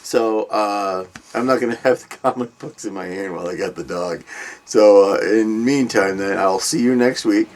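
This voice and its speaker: A man's voice: on the low side, moderate pace, a little mellow. An older man hosting a comic book review vlog, chatting in a loose, rambling way with many ums and trailing asides. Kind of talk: casual vlog chat.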